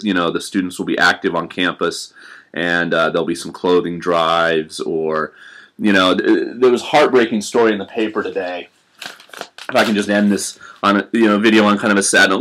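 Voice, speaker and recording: A man's voice: low voice, bright, forceful tone. A young man chatting casually to camera in a rambling, self-deprecating way with many fillers. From United States. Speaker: vlogger living in Japan.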